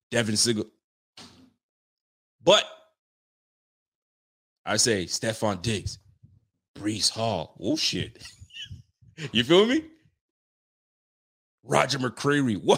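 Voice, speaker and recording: On his casual football live-stream, a man with a slightly rough, medium-pitched voice reads comments from viewers. He speaks rapidly in slang, swearing, laughing, and growing excited.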